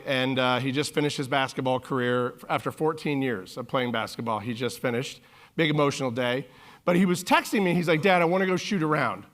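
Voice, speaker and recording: A man in his forties giving a humorous keynote on stage, telling stories with lively acted-out quotes. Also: a little high. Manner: animated, jokey, acts out quotes in voices. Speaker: keynote speaker. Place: conference stage.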